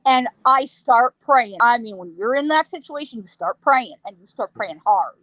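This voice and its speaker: Animated high-voiced woman telling ghost stories. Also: moderate pace, no room sound, lo-fi sound. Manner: lively, laughs often, acts out sounds. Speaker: psychic guest.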